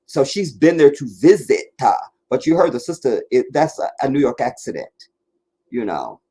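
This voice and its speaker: A man hosting a live stream and answering viewers' comments, talking bluntly and emphatically, dropping to low mutters and rising to insistent points. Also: sing-song, normal speed, warm tone, slightly rough. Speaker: livestream host answering chat. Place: sitting in front of a camera for a live stream.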